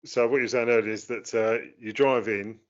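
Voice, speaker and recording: A man co-hosting a casual chat, talking in a hesitant way with many pauses and fillers. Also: medium pitch, fairly even intonation. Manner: hesitant, lots of ums and uhs. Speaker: co-host. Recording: dull lo-fi sound.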